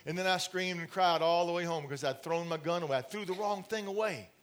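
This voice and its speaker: A man's voice: high-pitched, fast talker, fairly bright tone, clean tone. A middle-aged man preaching a sermon to a congregation, telling stories with laughs and asides. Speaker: pastor. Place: church in front of a congregation.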